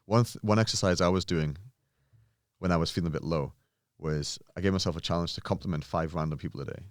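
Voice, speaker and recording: A man's voice: low-pitched, quick pace, no room sound, clean studio sound. A man from England, a guest telling personal stories in casual, earnest conversation. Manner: earnest, mimics others' voices in anecdotes. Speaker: podcast guest, pro bodybuilder.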